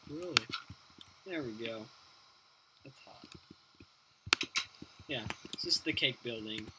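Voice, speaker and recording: A man's voice: medium pitch, slow pace, long pauses. A man giving casual, crude, profanity-laden commentary while playing a video game at his computer. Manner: crude, profane, rambling self-talk. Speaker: let's play host. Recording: loud background noise with keyboard clicks.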